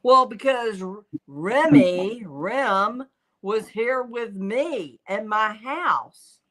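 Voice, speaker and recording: Older woman, slow unhurried pace, animated storytelling, casual livestream host. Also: fairly high pitch, low-quality recording. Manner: animated storytelling, quotes spirits in voices. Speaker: psychic medium, show host.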